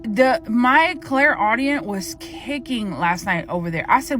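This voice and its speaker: A young woman casually telling a spooky personal story, animated and profane. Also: on the high side, unhurried, soft background music, rough recording.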